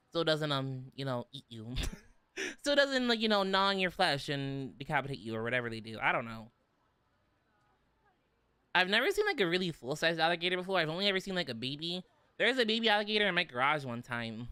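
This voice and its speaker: A man's voice: a little high, sharp tone, clean tone, no echo. A young man from the southern United States with an American accent, chatting casually on a livestream, giggly and full of "like"s. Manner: giggly, chatty, filler-heavy with many "like"s. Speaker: vtuber streamer. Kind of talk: casual livestream chat reading comments.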